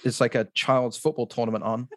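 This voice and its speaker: A man's voice: medium pitch, level tone, brisk, a bit bright, no room sound, studio quality. A man speaking as a podcast guest, telling a story in a casual, rambling way with lots of "like" and restarts.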